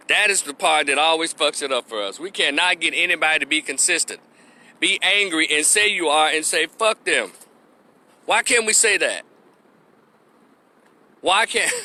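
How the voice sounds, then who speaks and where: Ranting into the camera, a commentary vlogger airs his opinions in a forceful, bright voice that sits on the high side. His style is blunt, profane and mocking, complete with exaggerated impressions of people.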